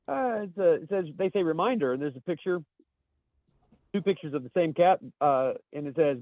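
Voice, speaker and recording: This podcast co-host has a fairly high, lively voice at a normal speed, and he reads memes aloud in relaxed conversation, swearing freely and laughing at his own jokes. The audio is dry and tinny, like a phone call, with no echo.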